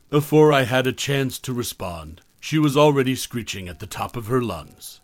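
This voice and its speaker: A man narrating a first-person horror story in a measured, dramatic way. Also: mid-range voice, lively intonation, no room sound.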